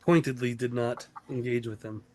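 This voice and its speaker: A man's voice: medium pitch, fairly even intonation, a little mellow. Man running a tabletop game. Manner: measured, speaks as many characters in turn. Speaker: game master. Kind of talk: narrating and voicing a tabletop game.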